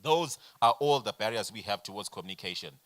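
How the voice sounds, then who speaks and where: A man in his forties leading a business workshop, lecturing in an animated way and asking the room rhetorical questions. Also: lowish voice, fast talker. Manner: animated, addresses audience directly with rhetorical questions. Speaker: workshop facilitator.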